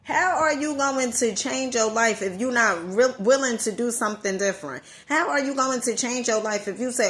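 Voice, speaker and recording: Speaking in a mid-range voice, fairly quickly and with hardly any pauses, a Southern woman delivers a forceful motivational message to her audience. As a vlogger, she drives her points home by repeating key phrases.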